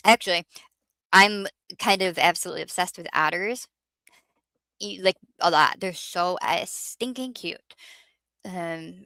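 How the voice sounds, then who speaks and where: A woman's voice: mid-range voice, sharp tone, clean tone, no room sound. A woman hosting a casual livestream, chatting with viewers in a rambling, self-mocking way. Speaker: livestream host.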